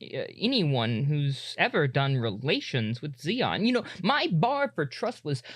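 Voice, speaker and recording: A man's voice: a little high, very animated, unhurried, a bit bright, no room sound, full character voice. A man voicing a portly, jolly middle-aged commander who is polite, hesitant and full of ums. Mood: wary. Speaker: game master voicing a character.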